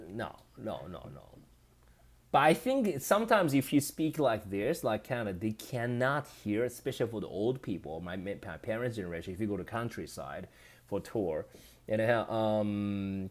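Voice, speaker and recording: Low-voiced Japanese-accented man chatting. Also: very animated. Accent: Japanese with some Australian. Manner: reads viewer comments aloud and answers loosely, halting and chatty. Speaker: live-stream host. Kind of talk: casual live-stream chat.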